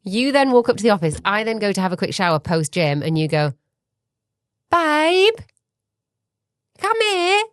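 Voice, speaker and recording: A woman co-hosting a casual chat podcast, telling animated stories and swearing casually. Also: fairly low pitch, fast, few pauses, dry recording, studio quality. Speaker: podcast co-host.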